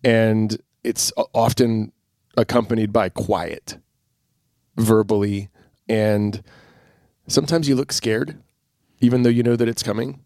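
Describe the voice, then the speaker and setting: A man's voice: on the low side, fairly even intonation, measured pace, long pauses, darkish tone, no echo, clean studio sound. A middle-aged man co-hosting a podcast in casual chat, talkative and self-deprecating, laughing easily. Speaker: podcast co-host.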